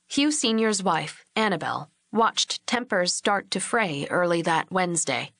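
A woman reads a novel aloud in a steady, measured storytelling voice. Her voice sits on the lower side, and the recording is dry and close, with no room sound. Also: dry recording. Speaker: audiobook narrator. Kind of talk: scripted narration.

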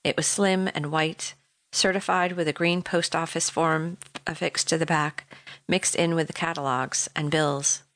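A middle-aged woman narrating a memoir audiobook in a measured, reflective way, close to the mic. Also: low voice, fairly even intonation, fairly bright tone, no room sound.

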